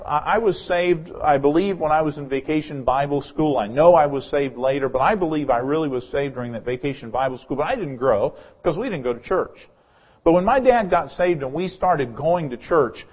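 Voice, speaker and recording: A man's voice: on the high side, muffled recording. A male pastor preaching a sermon in a church, earnest, often repeating words as he starts a phrase.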